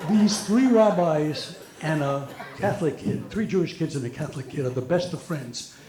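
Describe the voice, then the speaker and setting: A man's voice: on the high side, expressive, normal speed, crowd noise. An older man doing stand-up, telling jokes and acting out the characters in them, sometimes stumbling over words. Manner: storytelling, acts out characters, occasional stumbles. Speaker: stand-up comedian. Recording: echoey room.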